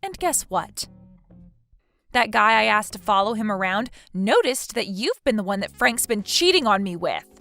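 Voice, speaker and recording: Woman as indignant betrayed wife; bright, animated accusing voice. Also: mid-range voice, moderate pace, soft background music. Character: betrayed wife confronting her cheating friend. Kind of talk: text message story dialogue.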